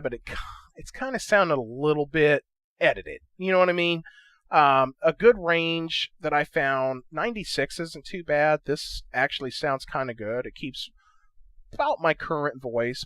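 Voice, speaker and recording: A man's voice: mid-range voice, expressive, moderate pace, fairly bright tone, no echo. A man hosting a gaming channel who walks through audio editing in a casual, chatty tutorial and keeps checking in with the viewer. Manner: loose and chatty, checks in with "okay?" and "right?". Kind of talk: casual screen-recorded tutorial.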